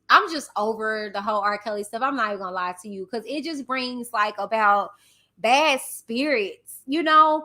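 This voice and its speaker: A woman from Texas with a Southern accent, hosting a livestream and reading viewer comments aloud in a loud, passionate, chatty way. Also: fairly high pitch. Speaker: livestream host reading chat. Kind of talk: casual chat with viewers.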